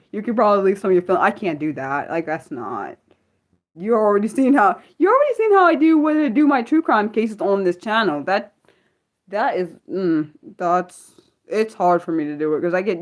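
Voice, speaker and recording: A woman hosting an unscripted livestream, talking heatedly and swearing freely, swinging between fired-up outbursts and low muttering. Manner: swears freely, lots of restarts. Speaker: livestream host.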